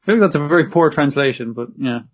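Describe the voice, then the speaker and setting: A man's voice: on the high side, animated, fast. A man co-hosting a casual anime review chat, sweary and joking. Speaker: podcast co-host. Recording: dull lo-fi recording.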